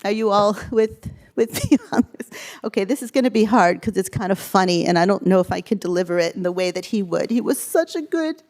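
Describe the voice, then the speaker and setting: A woman's voice: mid-range voice, steady tone, a little fast, a little mellow. A middle-aged woman giving a eulogy at a funeral service, reading aloud and laughing as she goes. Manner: amused, laughing through the reading. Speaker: eulogist, daughter of the deceased.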